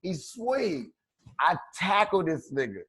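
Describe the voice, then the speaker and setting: Animated profane man telling a story. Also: high voice, takes it slowly. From Chicago. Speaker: podcast co-host. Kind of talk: casual storytelling.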